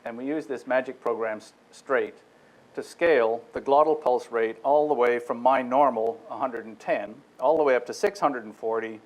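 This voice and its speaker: In this poor-quality audio, a man delivers a technical lecture as a guest speaker, his mid-range voice moving at a moderate pace. He breaks things down one step at a time, talks straight to the audience, and keeps starting phrases over.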